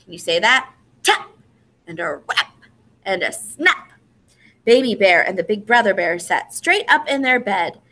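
A woman reading a picture book aloud to children in a lively, expressive way, inviting them to repeat the words. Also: medium pitch, unhurried, long pauses. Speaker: storyteller.

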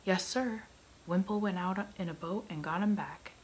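A woman's voice: lowish voice, moderate pace, slight background noise, natural voice. A woman whispering as a dutiful pirate sailor. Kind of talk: whispered role-play.

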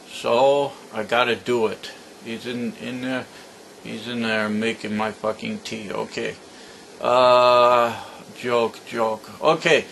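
A man's voice: medium pitch, fairly bright tone, slight background noise. An old man telling a joke to the camera at home, grumbling and swearing as he rambles. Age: older. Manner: grumpy, profane, rambling. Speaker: joke teller.

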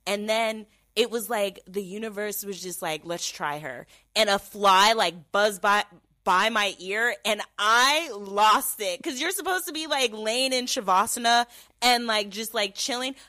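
A young woman tells a story in relaxed podcast chat, with many fillers and lively replays of her own thoughts. Her pitch sits in the middle for a woman. The recording is dry and close, with no room sound. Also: a little slow, no echo. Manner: animated, filler-heavy storytelling, mimics her own inner voice. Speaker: podcast host.

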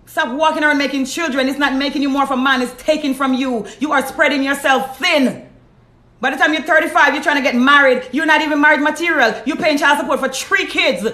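A woman's voice: high voice, steady tone, quick pace, sharp tone. A Jamaican woman hosting a live stream, preaching bluntly and reading out viewer comments. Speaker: host. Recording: roomy echo.

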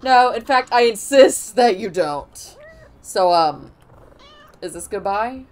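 A woman reading game dialogue aloud, voicing an eager, friendly crow who talks loudly and excitedly. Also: mid-range voice, slow.

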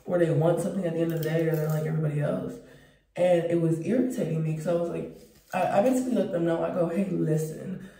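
A woman vlogger chatting casually to camera in an animated, profane way. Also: low voice, rapid-fire. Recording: roomy, distant mic.

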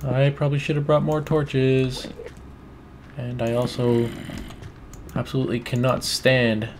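A man with a scratchy voice giving excitable let's play commentary, swearing often and bursting into exclamations. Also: medium pitch, unhurried. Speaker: gamer commentator.

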